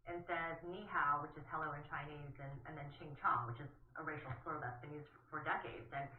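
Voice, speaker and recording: A woman news correspondent recounting events in a shaken, halting voice full of restarts. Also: deep voice, steady tone, a little hiss or hum. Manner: emotional, halting, with many restarts. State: shaken, voice trembling. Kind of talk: broadcast news interview. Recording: distant echoey phone-like rebroadcast.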